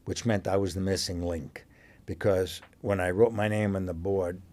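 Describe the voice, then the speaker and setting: Older American man, deep-ish voice, rambling anecdotal guest, New York roots. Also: steady tone, moderate pace, darkish tone. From New York, USA. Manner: rambling, with many fillers and restarts, chuckling. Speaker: interview guest, actor. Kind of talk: casual anecdotal storytelling.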